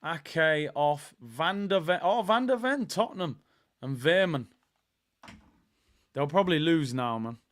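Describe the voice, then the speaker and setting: A man hosting a live football watchalong, chatty and excitable as he reacts to the match and the chat. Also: fairly high pitch, measured pace, long pauses. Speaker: watchalong host.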